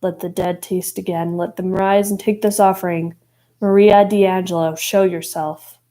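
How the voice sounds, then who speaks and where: A woman voicing a sullen, intense teenage boy who speaks low and demanding. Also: steady tone, a little fast, creaky, mellow, close to an everyday voice.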